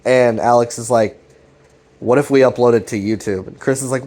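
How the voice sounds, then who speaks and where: A man's voice: mid-range voice, normal speed, a little mellow. A man casually retelling a web series scene by scene, swearing freely and paraphrasing the characters' lines in a loose, rambling way. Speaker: commentary channel host.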